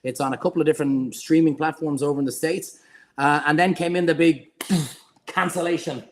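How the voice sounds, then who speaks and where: A middle-aged Irish man, a guest chef, telling rambling, animated anecdotes in a casual interview. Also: on the high side, fairly quick. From Ireland.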